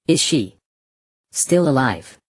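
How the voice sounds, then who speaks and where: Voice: mid-range voice, sing-song, takes it slowly, no echo, clean studio sound. A narrator voicing a desperate, grieving goat-eyed warrior father who speaks in a strained voice forced through clenched teeth. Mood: desperate anger.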